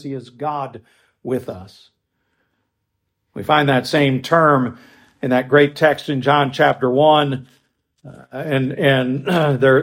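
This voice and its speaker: A man preaching a sermon with emphatic stresses and quiet asides, stopping now and then to restart a phrase. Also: a little high. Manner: swings between loud stresses and quiet asides. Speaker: pastor.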